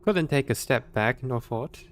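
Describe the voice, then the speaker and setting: A man voicing a weary male thief informant with a rough, folksy put-on accent and clipped old-fashioned phrasing. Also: lowish voice, unhurried, lightly acted. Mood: grumbling. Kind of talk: reading a game note aloud in a voice.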